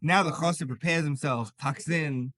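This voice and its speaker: A man, a rabbi teaching a class, telling stories in a lively way and acting out the characters' lines. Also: on the high side, normal speed. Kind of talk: storytelling Torah class.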